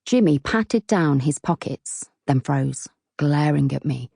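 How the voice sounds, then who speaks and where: A woman's voice: deep voice, expressive, slow, creaky, few pauses, warm tone, breathy edge, dry recording, clean studio sound. A woman narrating a novel aloud in the first person, with a cheeky, wry storytelling manner. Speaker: audiobook narrator.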